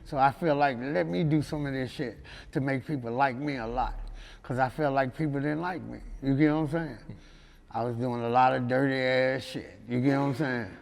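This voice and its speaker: A man's voice: medium pitch, fairly even intonation, normal speed, vocal fry, big-room sound. A man from Memphis with a Southern accent, telling stories in a loose, laughing way and often asking "you know what I'm saying". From Memphis, USA. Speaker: rapper guest. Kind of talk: casual interview storytelling.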